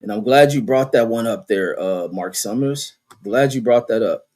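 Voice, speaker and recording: A man's voice: medium pitch, normal speed, darkish tone. A man talks loosely on his own livestream. He reads the chat aloud and answers it with profane jokes and bursts of laughter. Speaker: livestream host reading chat. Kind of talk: casual livestream commentary.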